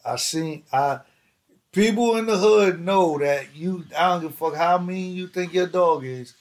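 A man telling street stories in an animated way, full of slang and swearing. His voice sits a little high for a man. He slips into other people's voices as he tells it. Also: measured pace. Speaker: podcast host telling stories. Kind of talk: casual storytelling chat.

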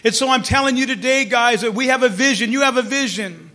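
High-voiced male pastor preaching. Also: fast talker. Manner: rises from low storytelling to loud fervent preaching. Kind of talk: sermon.

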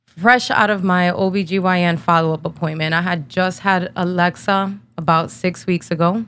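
On her podcast, a New Jersey woman in her thirties holds back tears while telling a painful personal story bluntly and casually, full of slang and swearing. Her voice sits a little low and a bit bright, with fairly even intonation at a moderate pace.

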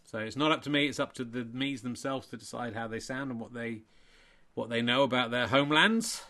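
A man's voice: medium pitch, a little fast, bright, forceful tone. A man hosting and giving a playful, self-mocking mock sports commentary.

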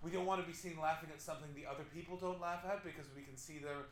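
A man with a bright, slightly high voice works a small crowd in improvised stand-up. He talks quickly and playfully, swearing and teasing people. The sound is roomy, with audience laughter behind him. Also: fairly even intonation. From Canada. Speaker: stand-up comedian hosting a live podcast. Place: small upstairs comedy club.

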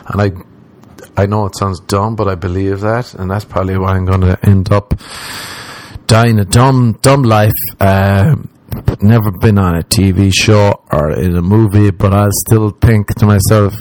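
A man's voice: lowish voice, measured pace, a little mellow, low-quality recording. An Irish man hosting his own podcast, telling a rambling, profane, self-mocking story in a casual chat and putting on exaggerated voices when he quotes people. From Ireland. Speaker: podcast host. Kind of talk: casual comedic storytelling monologue.

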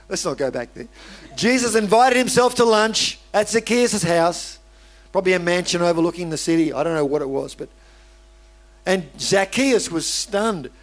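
An Australian pastor delivers a sermon in a relaxed, conversational manner. His voice sits a little higher than most men's. He often restarts his sentences and breaks off into asides to the congregation. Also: measured pace, pauses often.

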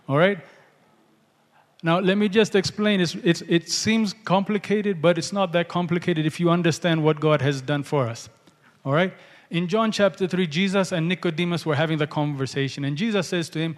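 A man's voice: high-pitched, moderate pace, long reverb tail. A man preaching a sermon, emphatic, calling out hallelujah and asking the congregation to respond.

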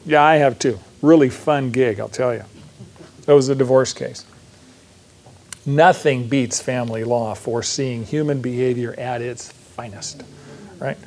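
A man's voice: mid-range voice, steady tone, a little slow, darkish tone, a little hiss or hum. A man preaching a verse-by-verse sermon, teaching conversationally with frequent questions to the congregation and "right?" checks. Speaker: pastor.

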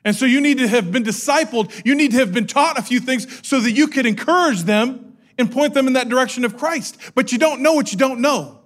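A man's voice: extremely high pitch, brisk, a bit bright. A middle-aged man preaching a sermon, telling the story with energy and acting out the quotes. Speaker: pastor.

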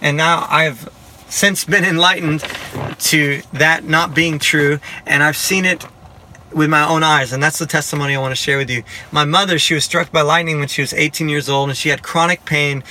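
Bright, high-voiced man telling his story. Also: normal speed, slight background noise. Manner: lively storytelling, acting out dialogue; humorous, self-mocking asides. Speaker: Christian giving a personal testimony. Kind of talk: storytelling testimony to a listener.

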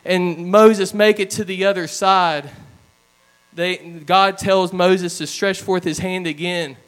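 A man delivers a sermon in a fairly high, smooth and clear voice. He tells his stories in an earnest, plain way, sometimes slowing down for weight. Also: steady tone, a bit bright. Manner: earnest storytelling with plain retellings. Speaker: preacher.

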